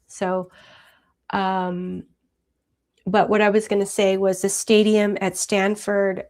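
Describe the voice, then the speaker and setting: Reading out comments from her viewers and answering them in a relaxed, chatty way, this Hawaiian livestream host in her sixties uses lots of fillers and laughs softly now and then. She has a mid-range voice.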